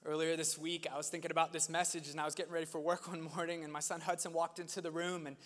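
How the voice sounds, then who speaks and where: A man's voice: fairly high pitch, level tone, quick pace, a bit bright. A male pastor preaching a sermon in an earnest, conversational way, recorded in a large church sanctuary. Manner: earnest and conversational, laughs at his own stories. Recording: long reverb of a large hall.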